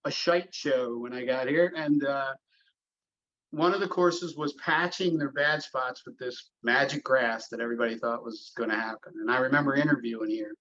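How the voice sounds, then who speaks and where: A man's voice: medium pitch, moderate pace, a bit bright, dull audio. A middle-aged man, a golf course superintendent, telling long stories in a casual podcast interview, with lots of fillers and restarts. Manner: rambling storyteller, many fillers and restarts.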